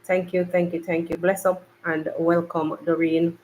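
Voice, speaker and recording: This is casual live-stream chat from a Jamaican podcast host who rambles to live viewers, recorded on a laptop in a hot, bright makeshift home studio. The medium-pitched voice is a little mellow, with a flat delivery at normal speed. The audio is poor and has slight background noise.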